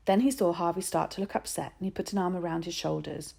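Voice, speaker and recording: A woman narrating a children's novel aloud in an expressive storytelling manner. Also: fairly low pitch, quick pace, vocal fry, hardly any pauses, breathy edge.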